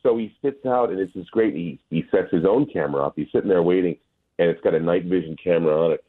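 A man appearing as a guest on a talk show, speaking haltingly with many fillers and restarts. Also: low-pitched. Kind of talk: casual chat. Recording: tinny phone line.

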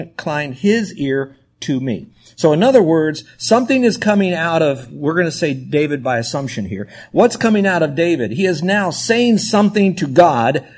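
A man's voice: a little high, a little mellow, slightly rough. A male pastor preaching a sermon in an emphatic, conversational storytelling manner.

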